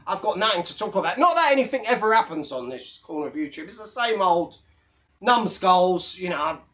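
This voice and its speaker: A man's voice: high voice, big pitch swings, brisk, fairly bright tone. A man talking straight to camera in a casual, mocking rant full of swearing. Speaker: YouTube commentator. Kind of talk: casual ranting monologue.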